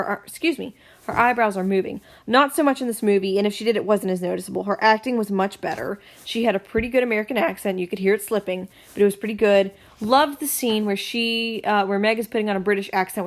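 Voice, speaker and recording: A woman hosting her own channel, giving a casual solo film review in a blunt, opinionated way, with frequent ums and quick self-corrections. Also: medium pitch.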